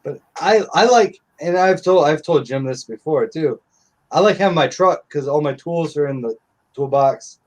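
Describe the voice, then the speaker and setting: Man, middle-aged, casual live-stream chat, profane, blunt, slightly high voice. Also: animated, normal speed, a little mellow.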